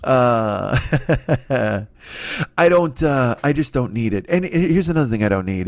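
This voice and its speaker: Guy comedian ranting and cussing, high voice that jumps all over, dead dry sound. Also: sing-song, brisk, no echo. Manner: profane, exasperated ranting. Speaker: comedian host. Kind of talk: solo comedy rant.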